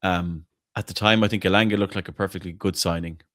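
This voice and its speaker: Deep-voiced, blunt man. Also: steady tone, quick pace, fairly bright tone, no room sound, clean studio sound. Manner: blunt, opinionated, swears freely, stumbles and repeats words. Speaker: podcast host. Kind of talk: casual football fan chat.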